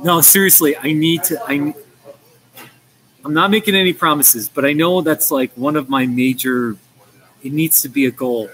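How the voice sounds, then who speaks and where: An American man talks casually to his livestream viewers from a coffee shop. His speech rambles, full of fillers and false starts, in an ordinary mid-pitched voice. Faint café ambience murmurs in the background. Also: a bit bright, a little hiss or hum, rough recording. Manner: rambling, chatty, with frequent restarts and fillers. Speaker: livestream host.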